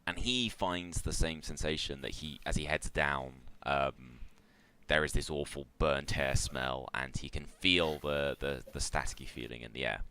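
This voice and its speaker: A man narrating a tabletop game as game master, talking in a relaxed, loose way with many fillers. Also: a bass voice, moderate pace, clear, resonant tone.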